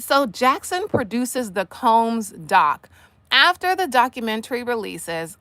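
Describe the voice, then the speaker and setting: A woman hosting a casual commentary livestream, sassy and animated, talking straight to the people she discusses. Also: on the high side, dry recording. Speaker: livestream host.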